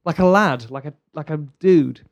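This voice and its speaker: A man's voice: fairly high pitch, moderate pace, creaky, highs cut off. A man from London with a London accent, joking around in casual chat. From London, England. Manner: jokey, playful, drops put-on phrases.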